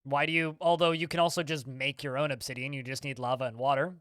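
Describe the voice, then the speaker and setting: Chatty man streaming, bright voice. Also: mid-range voice, fairly even intonation, dry recording, studio quality. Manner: chatty, fast-talking, answers chat questions. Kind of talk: casual livestream chat answering viewers.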